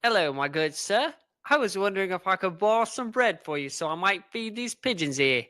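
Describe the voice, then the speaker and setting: Think of a haughty upper-class dog trainer, as a man puts him on for an improv bit, with a fake British accent that keeps wandering into Australian. He talks in a bright, high voice with sneering, overly polite condescension, and the sound is close and dry. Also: sing-song, a little fast, no echo, exaggerated voice. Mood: snooty, mock-polite. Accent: put-on British drifting to Australian. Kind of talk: improv comedy sketch.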